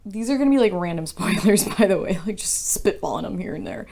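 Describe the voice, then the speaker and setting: A woman's voice: medium pitch, expressive, fast, gravelly, mellow. A young woman casually ranting about a book she reviews, frank and exasperated, swearing freely and rambling.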